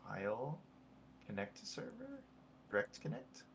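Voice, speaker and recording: A man's voice: mid-range voice, wildly swooping pitch, vocal fry, a little hiss or hum. A man running a tabletop game, playful and teasing as he chats with his players. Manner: playful, teasing, drawn-out words. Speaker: game master. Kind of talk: casual chat among tabletop players.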